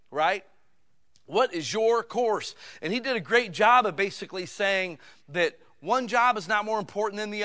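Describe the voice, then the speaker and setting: Animated preacher man, high lively voice. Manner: animated, swings from quiet asides to loud urgent exhortation. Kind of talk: sermon.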